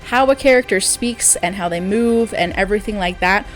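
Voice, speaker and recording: Brief: woman host, casual chatty film commentary, mid-pitched, easy fillers. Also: normal speed, faint music behind. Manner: chatty, frequent fillers, laughs easily.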